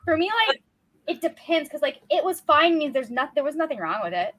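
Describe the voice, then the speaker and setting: Stream co-host, woman, high and animated, storyteller who does voices. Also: brisk. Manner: storytelling, acts out quoted voices, laughs. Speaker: co-host of a livestream reading sprint. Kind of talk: casual chat.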